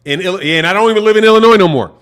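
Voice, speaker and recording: A Chicago man with a matching accent hosts a casual livestream, reading chat messages and commenting on a boxing fight in laid-back slang. His high-pitched voice is fairly bright and clean, and he talks very fast.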